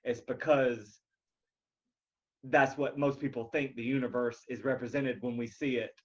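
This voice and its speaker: A man's voice: medium pitch, fairly even intonation, measured pace. Rambling man stammering through a theory. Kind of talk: casual chat.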